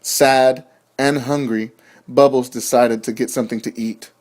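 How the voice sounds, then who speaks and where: A young man reads a children's storybook aloud in a gentle, measured way. His voice sits at an ordinary middle pitch for a man. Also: fairly even intonation. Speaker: narrator. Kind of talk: storybook narration.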